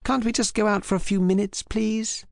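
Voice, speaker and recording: A man putting on a loud cheerful wife. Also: sits high, fairly even intonation, normal speed, creaky, no echo, clean studio sound, pitched above the performer's own voice. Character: loud cheerful middle-aged English wife.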